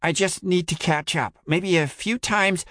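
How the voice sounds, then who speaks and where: A man's voice: high-pitched, unhurried, fairly bright tone, dry recording, pitched above the performer's own voice. A nervous young man on the edge of a big leap, his voice wavering, performed by a male narrator in a storybook reading. The voice sits a little above the reader's own and stays dry and close. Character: anxious young male teleporter trainee.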